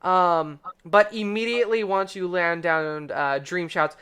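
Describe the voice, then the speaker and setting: Game master with a bright, smooth voice; casual, laughs a lot, many "uh"s. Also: medium pitch, measured pace. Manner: laughs often, many fillers. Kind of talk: narrating a tabletop game.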